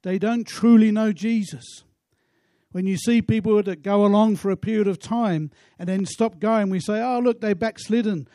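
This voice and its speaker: High-voiced man preaching. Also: steady tone, normal speed, dark tone, no room sound, clean studio sound. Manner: earnest preaching with rhetorical questions. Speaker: pastor. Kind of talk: sermon.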